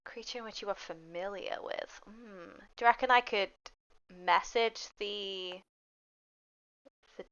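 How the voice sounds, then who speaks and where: A woman's voice: medium pitch, unhurried, long pauses, a bit bright, clean tone, dry recording. A woman playing a tabletop game, chatting and asking questions in a giggly way. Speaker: player. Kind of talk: casual tabletop play. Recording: dull lo-fi mic.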